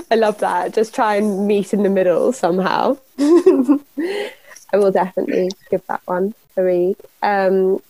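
A woman's voice: medium pitch, animated, takes it slowly, warm tone, rough recording. A woman hosting a podcast, chatting and laughing as she asks follow-up questions. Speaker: podcast host. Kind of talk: casual interview chat.

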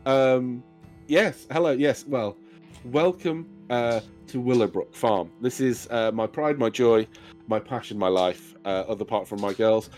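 A man's voice: medium pitch, measured pace, a little mellow, soft background music, natural voice. A man doing a rambling, flustered farmer dad. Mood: hospitable. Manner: rambling, stammering, fussy. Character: flustered cheerful middle-aged farmer dad.

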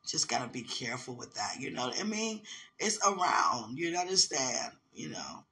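Very bright-voiced man telling lively stories. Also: mid-range voice, moderate pace. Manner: animated and rambling, laughs often, keeps asking "you understand?". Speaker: minister. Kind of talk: casual personal storytelling.

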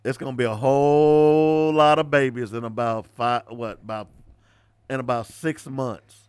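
A man's voice: fairly even intonation, measured pace, clear, resonant tone, dry recording. Ranting man, dry studio sound. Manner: preachy, ranting, mocking, switches between loud rants and low asides. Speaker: radio talk host. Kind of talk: casual radio commentary.

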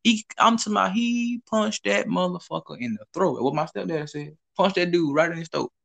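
A man's voice: sits high, brisk, gravelly. A young man hosting a podcast, telling stories in a loose, profane, casual chat. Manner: loose, profane storytelling with animated swings. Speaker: podcast host.

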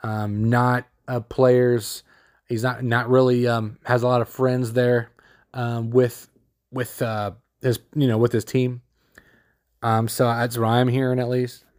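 A man's voice: mid-range voice, flat delivery, takes it slowly, a little mellow. A man hosting a solo sports podcast, rambling and opinionated, with lots of fillers, restarts and casual slang.

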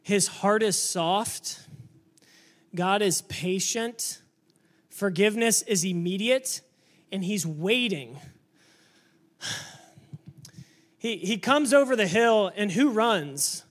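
A man preaching a sermon to a church congregation, energetic and emphatic, sometimes building up to shouting. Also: sits high, takes it slowly, long pauses. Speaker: pastor.

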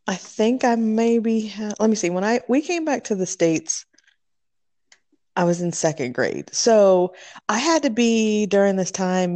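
A woman's voice: medium pitch, a little mellow, no room sound. A woman in a casual chat who laughs a lot and reacts with short exclamations.

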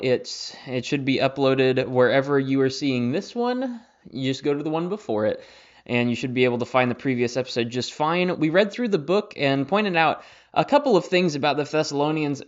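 A young man hosts a Bible study in a relaxed, chatty way, trailing off into fillers and restarting his sentences. His voice sits a little high for a man. The audio sounds slightly dull and lo-fi. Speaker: Bible teacher and podcast host. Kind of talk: casual Bible study talk.

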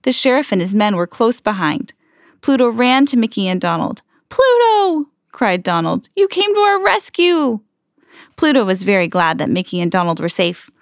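A woman hosting a read-aloud podcast, reading a children's storybook and slowing down for the suspenseful moments. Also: mid-range voice, no echo, studio quality. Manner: slows down and swells for dramatic moments.

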